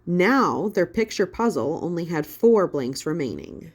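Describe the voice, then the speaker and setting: A woman narrating a children's audiobook in an expressive, storytelling manner. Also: on the low side, unhurried, husky. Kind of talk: scripted narration.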